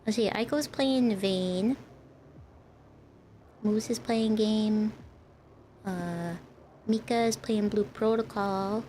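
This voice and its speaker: A woman's voice: medium pitch, slow pace, long pauses, dark tone, slight background noise. Chatty woman streamer, rambling. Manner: rambling, chatty, talks to chat. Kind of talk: casual live-stream chat.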